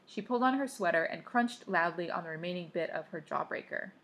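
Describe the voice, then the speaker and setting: A woman's voice: lowish voice, animated, a little fast, a bit bright. A woman reading a first-person story aloud, dropping offhand asides of her own. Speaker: audiobook reader. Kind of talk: first-person audiobook narration.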